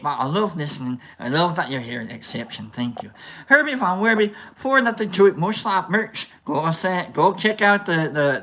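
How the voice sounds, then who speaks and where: A woman putting on a wobbly fake Scottish accent that slips into other accents as she reads out chat in a loose, rambling livestream. Her bright voice swings widely up and down, playful and self-mocking, with casual swearing. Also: on the low side. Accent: put-on Scottish accent, drifting into other accents. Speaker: livestream host reading chat. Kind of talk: casual live-stream chat.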